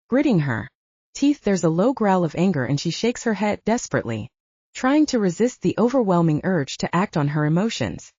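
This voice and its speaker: A woman narrating a fantasy novel audiobook with an expressive, varied reading. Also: on the low side, no room sound, dull audio. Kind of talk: scripted narration.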